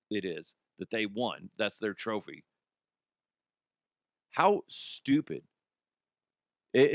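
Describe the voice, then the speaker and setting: A male podcast host in his forties, from Colorado, rants casually about odd news and swears freely. His voice sits at an ordinary male pitch and is recorded on a close mic in a dry, dead room. He laughs easily while chatting. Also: fairly bright tone, no room sound. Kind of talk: casual profane comedic rant.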